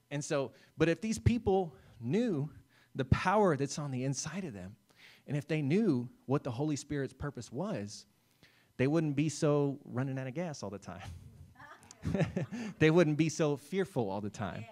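A male pastor preaching a sermon in a relaxed, conversational way, calling out listeners by name and checking in with "right?" and "amen.". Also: fairly high pitch, normal speed. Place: church service.

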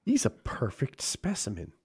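Animated man joking on a podcast. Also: mid-range voice, moderate pace, breathy edge. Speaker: podcast co-host. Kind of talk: casual chat.

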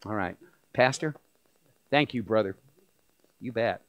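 A man's voice: fairly low pitch, animated, measured pace, no echo, muffled recording. A man, a rabbi, talking to a church congregation in a folksy, joking way with small restarts. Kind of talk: speaking to a church audience. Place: church sanctuary.

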